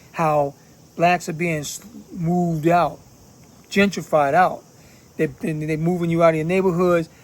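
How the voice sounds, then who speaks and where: His voice a little high with a darkish tone, a channel host from Philadelphia gives casual commentary. He talks bluntly, using profane street slang.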